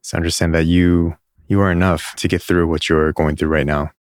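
A man co-hosting a podcast, calm and supportive, closing out the episode in casual chat. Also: sits low, brisk, no echo, studio quality. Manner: calm, supportive, wraps up the show. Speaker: podcast co-host.

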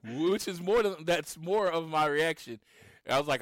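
A man in his late thirties from Oklahoma, chatting casually as a podcast co-host and retelling his encounters with lively storytelling. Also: fairly high pitch, normal speed, dry recording, clean studio sound. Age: 30s. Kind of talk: casual chat.

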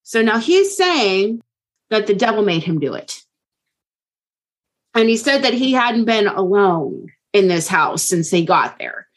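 A woman's voice: medium pitch, very animated, measured pace. Casual woman telling a true crime story. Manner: casual, keeps checking in with okay. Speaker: podcast co-host.

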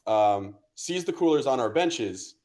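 A young man co-hosting a podcast, telling a story in casual chat with animated, profane energy. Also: medium pitch, measured pace. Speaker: podcast co-host.

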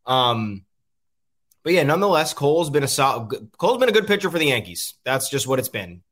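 A man's voice: medium pitch, sing-song, fairly quick, a bit bright. A man hosting a casual sports talk show, rambling and frustrated, with frequent ums. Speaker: podcast host.

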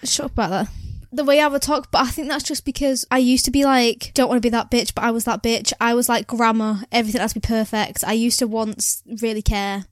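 Giggly Mancunian woman, higher voice. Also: steady tone, fast talker, few pauses, no echo, clean studio sound. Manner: giggly, rambling, chatty. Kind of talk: casual chat.

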